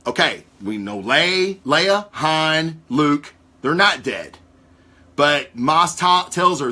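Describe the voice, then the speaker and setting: A man hosting a casual talk show, rambling through theories with live viewers in a profane, excitable way. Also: a little high, slow. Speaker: podcast host.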